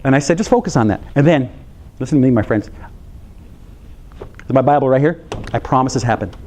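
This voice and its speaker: A man's voice: mid-range voice, fairly quick, slight background noise. A middle-aged man, a psychologist, telling a story in a talk to counselors and acting out his daughter's reactions. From United States. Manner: animated, acts out his daughter's reactions with laughs and gasps.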